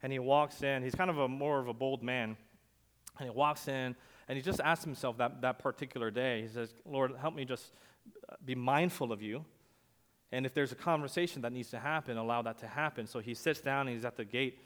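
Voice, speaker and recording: A male pastor preaching a sermon, telling stories conversationally and swinging from loud emphasis to quiet asides. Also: mid-range voice, fairly quick. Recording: long hall reverb.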